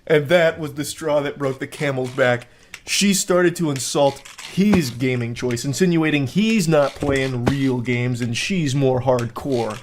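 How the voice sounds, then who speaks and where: A man's voice: medium pitch, a little slow, background noise. Mocking, exasperated male commentator, clicks behind. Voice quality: voice cracking when exasperated. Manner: incredulous, mocking, profane. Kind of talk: reaction commentary reading out text messages.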